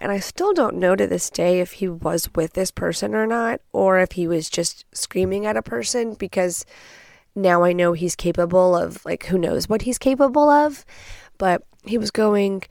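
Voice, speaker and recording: A young woman from Texas tells a story on her podcast, blunt and profane, and she acts out the voices of the people in it. Her voice sits at a middle pitch. The sound is close and dry, with no room echo. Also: normal speed, gravelly. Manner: blunt, profane, animated retelling with quoted asides. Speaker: podcast host. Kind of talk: casual storytelling.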